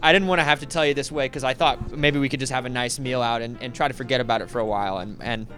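An actor playing a sleazy, blustering middle-aged husband who stammers, rambles and swears in a comedy audio sketch. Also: male voice, mid-range voice, steady tone, very fast, fairly bright tone, faint music behind, natural voice. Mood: confessing.

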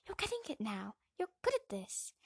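A woman voicing a friendly, confident teenage witch who speaks in a bright, upbeat, encouraging way. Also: on the high side, wildly swooping pitch, moderate pace, slightly rough, no room sound, voice pushed up, full character voice.

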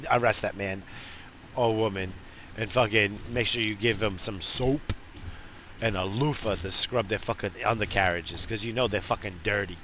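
A man's voice: fairly low pitch, normal speed, slight background noise. A man ranting casually and profanely from inside his car, rambling from one thought to the next. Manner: profane, rambling, animated rants. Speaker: vlogger. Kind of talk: rambling stoned casual chat. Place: in a parked car.

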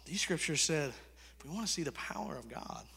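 Casting: male pastor preaching, very bright, ringing voice, long hall reverb. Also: fairly high pitch, expressive, fairly quick, gravelly, breathy edge. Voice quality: conversational, swings from hushed to loud. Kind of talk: sermon.

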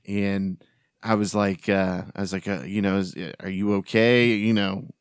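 A man's voice: fairly low pitch, little pitch movement, a little slow, clean tone, dry recording, studio quality. A man hosting a podcast, telling a rambling, casual story with frequent restarts and casual swearing. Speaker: podcast host.

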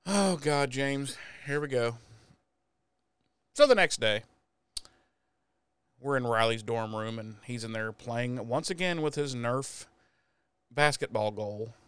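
A man chats through an episode recap in a loose, profane way, laughing often and slipping into characters' lines. His voice is smooth and resonant, recorded dry and close. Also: mid-range voice, takes it slowly, long pauses, a bit bright, dry recording. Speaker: podcast co-host. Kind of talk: casual recap chat.

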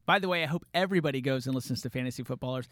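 A man hosting a casual studio podcast, excitable and self-deprecating. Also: medium pitch, rapid-fire, dry recording. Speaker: podcast host.

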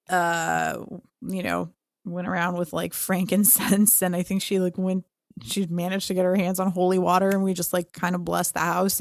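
A young woman and podcast co-host telling a story in casual chat, animated and full of fillers, acting out her own reactions. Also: on the low side, vocal fry, no room sound, clean studio sound.

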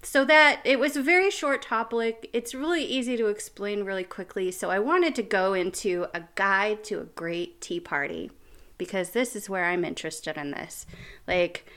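Bright, chatty American woman. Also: mid-range voice, moderate pace. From United States. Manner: chatty, giggly, lots of "like" and "um". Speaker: podcast co-host. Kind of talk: casual chat.

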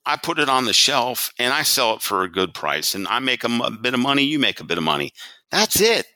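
A man's voice: mid-range voice, sing-song, a little fast, sharp tone, no echo, voice pushed up, poor audio. A man doing the voice of a blunt, folksy male retail executive with a Southern US accent, drawling and exasperated.

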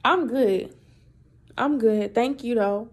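A young adult woman hosting a podcast, telling a story in a chatty, animated, profane way. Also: on the high side, slow pace. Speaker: podcast host. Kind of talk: casual storytelling monologue.

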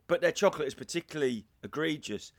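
A man's voice: on the high side, expressive, fast talker. A young man hosting a podcast, telling rambling, jokey stories with crude asides in casual chat. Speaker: podcast host.

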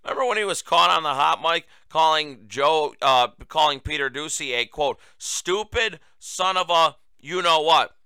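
A man's voice: a little high, moderate pace, hardly any pauses, sharp tone, clean tone, no room sound. A male talk show host giving political commentary in an indignant, sarcastic way.

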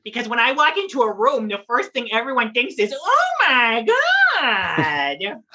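Bright, husky woman chatting animatedly. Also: fairly high pitch, quick pace. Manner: animated, chatty, laughs often, playful voices for puns. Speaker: drag performer and story time reader. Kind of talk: lively guest interview.

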